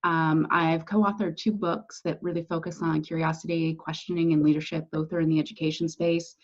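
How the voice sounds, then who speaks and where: A woman's voice: sits low, little pitch movement, brisk. A woman executive coach from the United States introducing herself on a webinar panel over a video call. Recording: dull lo-fi call audio.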